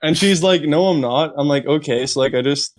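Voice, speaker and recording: A man's voice: fairly high pitch, a little fast, rough recording. Young man, podcast guest, rambling storyteller, filler-heavy, casual. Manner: rambling, heavy use of "like", laughs while telling. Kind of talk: casual chat.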